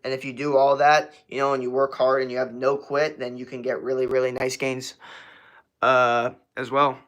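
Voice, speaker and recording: A man's voice: mid-range voice, little pitch movement, normal speed, a bit bright. A man of twenty-one from Florida, hosting a casual livestream and answering chat questions in a laid-back, slangy way. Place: outdoors at night.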